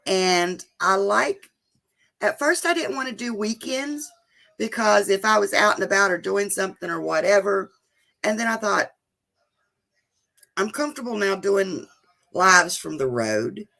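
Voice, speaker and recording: Lady chatting on a live stream, slow and kinda gravelly, reads out viewers' names. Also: medium pitch, animated, pushed and bright. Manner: emotional, chatty, talks to viewers by name. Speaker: vlogger hosting a live chat. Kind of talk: casual live-stream chat.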